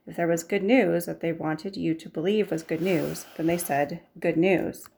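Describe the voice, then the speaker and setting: A woman narrating a novel aloud in a measured storytelling manner. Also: lowish voice, steady tone, gravelly, darkish tone, slight background noise. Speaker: audiobook narrator. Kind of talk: scripted narration.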